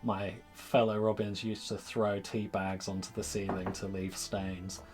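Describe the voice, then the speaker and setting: A man's voice: deep voice, monotone, measured pace, music in the background. A man playing a character in a tabletop role-playing game, speaking casually and bluntly. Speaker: player.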